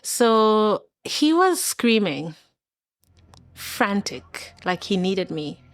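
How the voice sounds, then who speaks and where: In studio-quality, dry audio, a woman with a mid-range voice speaks very slowly yet very animatedly. She is a Kenyan podcast guest in her thirties sharing an emotional personal story, candid, quick to laugh, and voicing the people she quotes.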